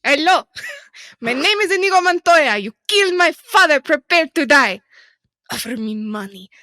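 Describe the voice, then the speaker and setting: A woman voicing a vengeful Spanish swordsman in a put-on Spanish accent. She declaims the lines loudly and laughs between them. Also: high voice, expressive, normal speed, no room sound, studio quality, voice pushed up. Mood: declaiming.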